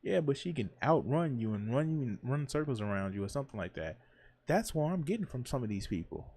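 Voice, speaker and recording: A man in a reaction commentary, talking in an animated, sarcastic way and mocking the people in the clips. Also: medium pitch, normal speed. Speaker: commentary streamer.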